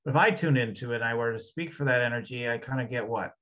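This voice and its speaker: A man's voice: mid-range voice, fast, fairly bright tone, poor audio. A man hosting a talk as an energy healer, rambling and hesitant with many fillers. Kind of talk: casual conversation.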